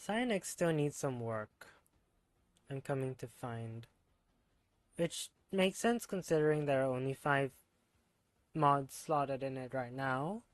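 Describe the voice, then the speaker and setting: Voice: mid-range voice, slow pace, pauses often, no room sound. A streamer chatting casually while gaming, thinking aloud with fillers.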